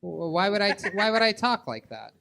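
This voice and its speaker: A man's voice: sits high, very animated, brisk, gravelly, bright, forceful tone. A man hosting a live comedy podcast on a club stage, reacting with dry, incredulous questions. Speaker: podcast host.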